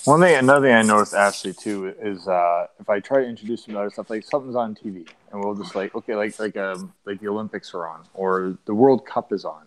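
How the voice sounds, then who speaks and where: A man with a fairly low voice chats loosely about parenting, backtracking and restarting his sentences. His talk is casual and unscripted, full of filler and second thoughts. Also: low-quality recording. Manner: rambling, halting, many restarts. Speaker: parent discussing his son. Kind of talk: casual podcast chat.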